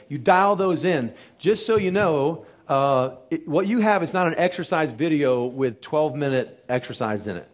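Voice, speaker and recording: A man, a doctor hosting a wellness seminar, giving a lively motivational talk to a live audience and asking them lots of rhetorical questions. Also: medium pitch. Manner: energetic, pep-talk style with rhetorical questions.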